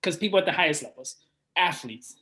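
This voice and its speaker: An energetic man talks in a casual interview, his voice sitting a little higher than most men's. He is a coach by trade and keeps tagging his points with "right?". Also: fairly quick. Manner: energetic, often adds "right?". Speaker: guest, performance coach.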